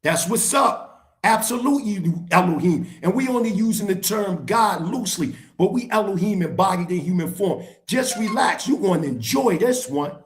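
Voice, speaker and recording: A man's voice: high voice, animated, moderate pace. A middle-aged man speaking as a guest on a live stream, heated and lecturing, hammering his points by repeating phrases.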